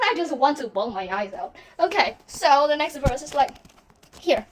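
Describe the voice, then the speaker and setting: A woman's voice: high voice, lively intonation, normal speed. A young woman in a small room at home, gushing and swearing as she breaks down song lyrics, sometimes bursting into screams. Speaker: podcast host.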